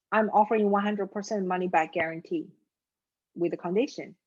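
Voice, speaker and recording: A woman's voice: mid-range voice, steady tone, fairly quick, dull audio. A woman mindset coach telling a story and then speaking earnestly and directly to her viewers.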